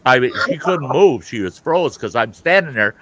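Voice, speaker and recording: A man hosting an online hangout, telling a story casually, cursing freely and getting loud and heated. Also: medium pitch, normal speed, noisy background. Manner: animated, profane, grows loud and heated. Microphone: online call.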